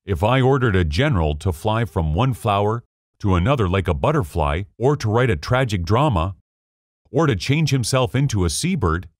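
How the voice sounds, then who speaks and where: A man's voice: mid-range voice, dry recording, clean studio sound, lightly acted. A man voicing a proud old king in a storybook reading, pompous and commanding.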